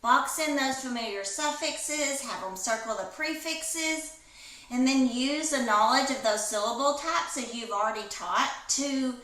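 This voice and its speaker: A woman's voice: sits high, measured pace, bright, forceful tone. A woman literacy trainer giving an instructional presentation to teachers over a video call, explaining step by step. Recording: echoey room, distant from mic.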